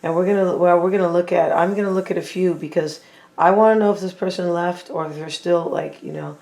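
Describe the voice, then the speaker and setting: A tarot reader talking casually to viewers while laying out cards, thinking out loud and often saying what they feel, with playful teasing asides. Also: medium pitch, steady tone, brisk. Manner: chatty, thinking aloud, repeats and hedges with "I feel like".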